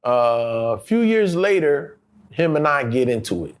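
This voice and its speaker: A middle-aged male actor telling stories in a casual interview, animated and profane, acting out the voices of people he quotes and laughing often. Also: mid-range voice, a little slow.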